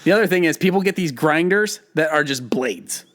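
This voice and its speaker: Animated male podcast co-host. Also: fairly high pitch, fairly quick, noisy background. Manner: animated and emphatic, laughs often. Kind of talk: casual banter.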